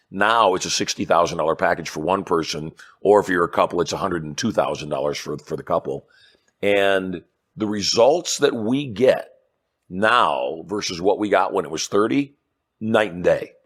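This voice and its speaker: Low-voiced middle-aged man telling stories. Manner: animated storyteller acting out dialogue. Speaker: guest, hypnotist and persuasion trainer. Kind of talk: storytelling interview chat.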